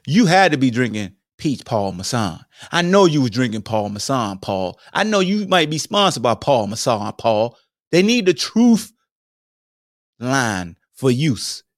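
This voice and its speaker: A man hosting a podcast, delivering a joking commentary monologue in slang, swinging between high exclamations and low mutters. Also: dry recording, clean studio sound. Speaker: podcast host. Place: home streaming setup.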